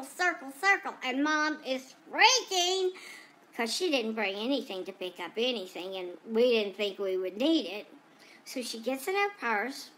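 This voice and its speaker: A woman's voice: high voice, bright, forceful tone, full character voice. Woman voicing a gossipy female pet dog. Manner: rambling gossipy storytelling with frequent asides. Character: chatty female dog telling her day. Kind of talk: first-person pet vlog narration.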